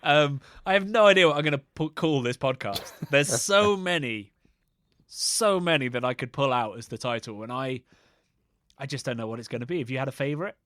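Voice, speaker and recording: A man's voice: medium pitch, expressive, brisk, a bit bright, dry recording. A man co-hosting a podcast, giving short dry replies and laughing easily in casual chat. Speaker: podcast co-host.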